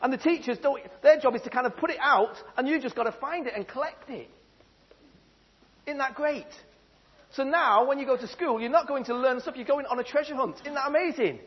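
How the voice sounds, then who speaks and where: A man's voice: very high-pitched, fairly quick, husky. A man telling children a story in a playful, theatrical way, asking them questions. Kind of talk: animated storytelling talk. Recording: dull lo-fi sound.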